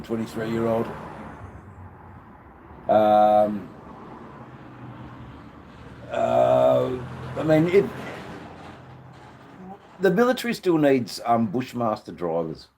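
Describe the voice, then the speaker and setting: Deep, slow Australian man chatting. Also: wildly swooping pitch, mellow, slight background noise. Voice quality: deep, unhurried voice. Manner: rambling, swears freely, greets chat viewers by name. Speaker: livestream host. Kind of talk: casual live-stream chat.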